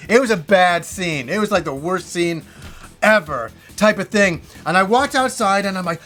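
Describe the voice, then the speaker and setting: Guy rambling thru a wild personal story, high voice, swears a lot, faint music under it. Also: a little fast. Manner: animated, profane, acts out quoted voices. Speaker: gaming show host. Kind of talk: casual storytelling monologue.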